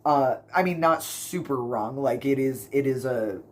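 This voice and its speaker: A man's voice: mid-range voice, unhurried. A man rambling casually through book reviews for his channel, full of fillers and self-corrections, gushing about what he loved. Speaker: book vlogger.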